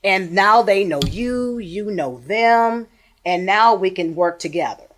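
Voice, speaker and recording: Loud, energetic woman teacher. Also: mid-range voice, unhurried, a crowd in the background. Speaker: high school science teacher, guest. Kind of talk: casual conversational interview.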